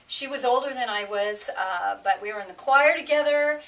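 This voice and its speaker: A woman's voice: a little high, moderate pace, a bit bright, far from the mic, rough recording. A talkative woman from New Jersey, co-hosting a casual chat and telling stories from her work as a real estate agent. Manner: talkative, storytelling.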